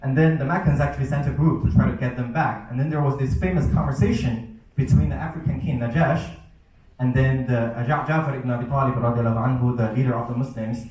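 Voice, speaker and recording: A man's voice: mid-range voice, darkish tone. Young man doing stand-up in an echoey hall. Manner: storytelling with acted-out student voices. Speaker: stand-up comedian and teacher. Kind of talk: stand-up comedy set. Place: event hall with a live audience. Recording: echoey hall, mic heard from a distance.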